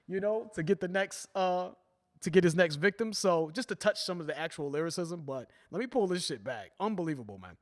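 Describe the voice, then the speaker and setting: Excited man breaking down rap lyrics. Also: sits high, fairly quick. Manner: animated, keeps asking "right?" and "you know what I'm saying?"; quotes and re-raps lyrics with emphasis. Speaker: music reaction host. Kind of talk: casual reaction commentary.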